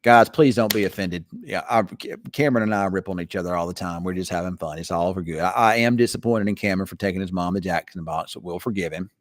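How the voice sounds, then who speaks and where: A man's voice: deep voice, quick pace, hardly any pauses, dry recording. A man hosting a weather show, chatting casually in a rambling, teasing way. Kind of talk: casual late-night live chat.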